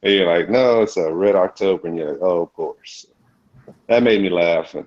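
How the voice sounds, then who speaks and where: Deep-voiced man on dull lo-fi audio. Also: normal speed, a little mellow. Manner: easygoing, self-correcting, laughs. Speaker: guest on a live chat. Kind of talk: casual group chat.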